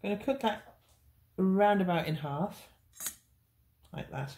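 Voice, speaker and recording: A woman's voice: medium pitch, unhurried, a little mellow. A woman teaching a beginners' cake decorating tutorial, chatty and reassuring. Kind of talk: hands-on baking tutorial.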